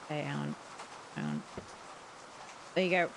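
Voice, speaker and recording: A woman's voice: deep voice, very animated, moderate pace, creaky, background noise. Woman gaming host, flustered play-along commentary, chatty, panicky asides. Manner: flustered, chatty, talks to game characters.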